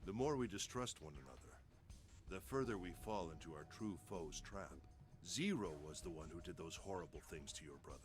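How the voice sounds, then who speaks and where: A man voicing a calm, friendly, level-headed leader who speaks in a reasoned, persuasive way. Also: low voice, a little fast.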